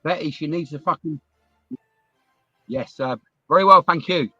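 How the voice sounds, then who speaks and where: A man's voice: a little high, normal speed, pushed and bright, breathy edge, muffled recording, faint music behind. A man with a British accent calling into a live chat from his car, talking bluntly and swearing a lot. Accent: British English. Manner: profane, blunt. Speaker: caller. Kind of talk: casual chat.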